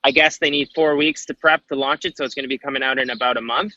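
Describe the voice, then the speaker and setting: A man's voice: mid-range voice, fairly even intonation, fast, pushed and bright, no echo, highs cut off. A Canadian man, a guest musician, talking casually and rambling a little about his music while laughing often. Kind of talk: casual chat.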